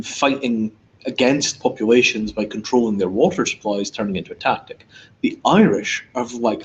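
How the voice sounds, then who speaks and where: A man from Scotland with a Scottish accent, speaking bluntly and emphatically in a casual panel discussion, swearing freely. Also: mid-range voice. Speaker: invited speaker. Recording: dull lo-fi audio with faint noise.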